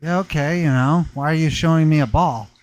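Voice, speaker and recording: A man's voice: fairly high pitch, brisk, close to an everyday voice. A man mimicking a surprised woman in an anecdote, exclaiming in a raised voice. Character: surprised woman handed a heavy stone ball.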